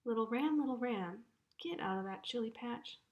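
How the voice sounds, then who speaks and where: A woman's voice: a little high, normal speed, a little mellow, dull audio, close to an everyday voice. A woman storyteller voicing a small, sad boy pleading for help, in a roomy space. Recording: roomy echo.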